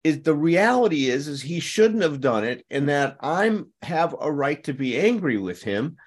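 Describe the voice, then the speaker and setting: A man's voice: a little high, moderate pace. A man hosting a conversation about recovery, talking emphatically and acting out angry lines as examples. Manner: animated, emphatic, acts out angry quotes. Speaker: host.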